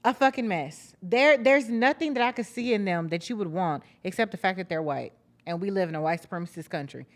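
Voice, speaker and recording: A woman's voice: on the low side, brisk. A young woman hosting a casual reality-TV recap, blunt, profane and sarcastic in her commentary. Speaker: podcast host recapping reality TV.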